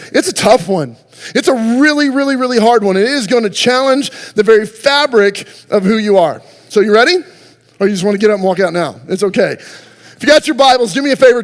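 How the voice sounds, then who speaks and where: A man's voice: extremely high pitch, long reverb tail. A man preaching a sermon as pastor, talking conversationally and firing rhetorical questions at the congregation. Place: church sanctuary.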